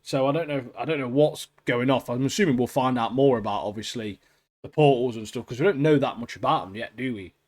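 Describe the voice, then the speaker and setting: A man co-hosting a podcast in casual chat, excitable and dropping "mate" into nearly every sentence. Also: medium pitch, fairly quick. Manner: excitable, says "mate" constantly, trails off quietly at phrase ends. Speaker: podcast co-host.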